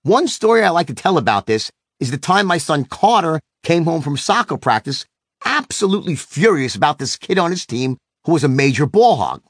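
A middle-aged man teaching a sales technique in a brash, animated way, swearing freely and acting out the people in his stories. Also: fairly quick, no room sound, studio quality. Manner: brash, swears freely, acts out quotes with big pitch swings. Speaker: sales trainer. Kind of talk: animated teaching monologue with acted anecdotes.

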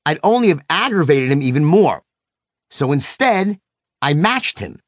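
A middle-aged man teaching a sales technique in a brash, animated way, swearing freely and acting out the people in his stories. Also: no echo, clean studio sound. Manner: brash, swears freely, acts out quotes with big pitch swings. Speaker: sales trainer. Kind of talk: animated teaching monologue with acted anecdotes.

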